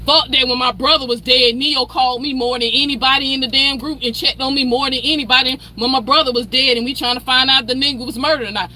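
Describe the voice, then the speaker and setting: Woman, heated profane rant, calls people out by name, tense bright voice, faint road hum. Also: high-pitched, steady tone, fast talker, hardly any pauses. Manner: profane, confrontational, repeats a name to call someone out. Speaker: commentary channel host.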